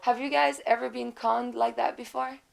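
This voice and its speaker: A woman's voice: fairly high pitch, little pitch movement, normal speed, creaky. A woman from France hosting a ski show, presenting news and interviewing guests in a chatty, teasing way. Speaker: show host.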